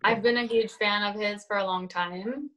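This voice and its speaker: A woman's voice: medium pitch, fairly even intonation, moderate pace, a bit bright. A woman, an actress and producer, talking reflectively as a podcast guest with many fillers. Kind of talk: casual interview chat.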